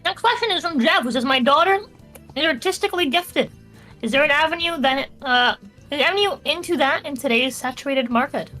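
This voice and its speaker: A woman's voice: sits high, fairly quick, pushed and bright, faint music behind. A woman co-hosting a podcast, reading listener questions in casual chat, blunt and profane with a joking edge. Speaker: podcast co-host.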